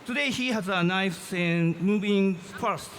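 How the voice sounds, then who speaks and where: A man, a guest on the stage, speaking briefly and gratefully in halting English. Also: sits high. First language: Japanese. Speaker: guest builder. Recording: loud convention crowd and noise.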